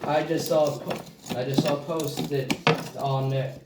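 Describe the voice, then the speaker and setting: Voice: medium pitch, little pitch movement, moderate pace. A friend from Hungary chatting casually and bluntly, swearing, in a home kitchen. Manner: blunt, swearing, laid-back. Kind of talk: casual chat. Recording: echoey, distant, noisy phone audio.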